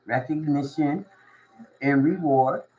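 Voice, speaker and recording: A woman giving a casual tarot reading to camera. She talks in a slangy, drawn-out way, swears, and laughs often between thoughts. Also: low-pitched, dull audio, a little hiss or hum. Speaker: tarot reader.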